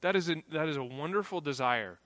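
A man's voice: on the high side, expressive, fast, fairly bright tone, no echo. A man preaching a sermon in a conversational way, acting out the voices of people he quotes. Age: adult, grew up on a farm family. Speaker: pastor.

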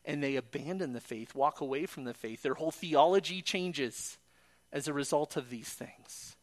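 A man's voice: fairly high pitch, normal speed. A man preaching a sermon in an earnest way, quoting scripture and building to emphatic peaks.

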